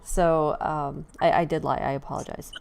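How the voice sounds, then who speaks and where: A woman's voice: low voice, little pitch movement, moderate pace, vocal fry. A woman hosting a casual live online chat, talking loosely with fillers and frequent laughs. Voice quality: chatty, laughing, many fillers. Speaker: host.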